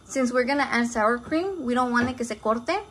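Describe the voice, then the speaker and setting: A woman's voice: fairly high pitch, fairly quick, a bit bright. A brash woman chatting in a casual cooking vlog from her home kitchen, swearing constantly and mixing in Spanish words. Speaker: home cook vlogger.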